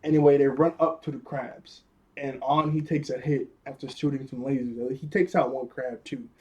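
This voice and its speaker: A man's voice: medium pitch, steady tone, normal speed, mellow, slightly rough, muffled recording. A young man casually recapping a cartoon episode, laughing often and talking in loose slang with lots of fillers.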